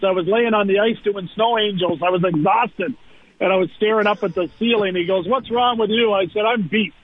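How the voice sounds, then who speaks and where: A former pro hockey player on a radio interview, telling lively anecdotes with lots of "uh" fillers over a phone line. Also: male voice, high voice, dry recording. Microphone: telephone.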